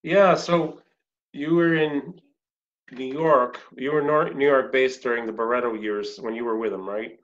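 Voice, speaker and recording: A man's voice: medium pitch, steady tone, measured pace, highs cut off. A male podcast host interviewing a guest with short questions and encouraging replies.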